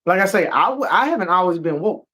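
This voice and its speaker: A man's voice: high-pitched, quick pace. A man co-hosting a casual talk show, ranting emphatically and swearing a lot. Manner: emphatic, profane, animated ranting. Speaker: podcast co-host. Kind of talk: heated casual discussion.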